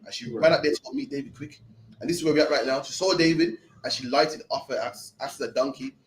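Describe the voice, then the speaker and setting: A man's voice: mid-range voice, quick pace, slight background noise, rough recording. A young man leading a scripture class in a loose, blunt, slang-heavy teaching style. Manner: streetwise, blunt, peppered with slang.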